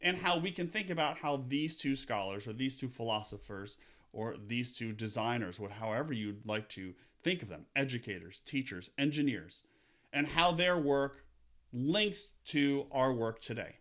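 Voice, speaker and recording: A man's voice: mid-range voice, moderate pace, fairly bright tone. A man hosting a podcast, reading an upbeat intro and then chatting casually with his guests, stressing key words with big rises. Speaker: podcast host. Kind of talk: podcast intro and interview chat.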